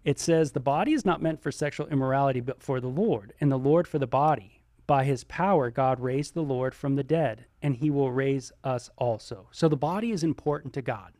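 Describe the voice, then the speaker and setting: A middle-aged male pastor teaching a sermon, animated and conversational, with many ums and exclamations. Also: mid-range voice, fairly quick, few pauses, dry recording, studio quality. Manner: animated, exclaims and voices imagined listener reactions; many ums and you-knows.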